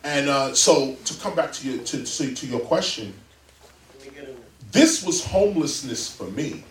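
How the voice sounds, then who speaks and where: A man speaking as a guest before a live audience in a library, lecturing in an animated, emphatic way. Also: mid-range voice, unhurried, slight background noise. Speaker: interview guest. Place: public library event room. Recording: roomy, distant mic.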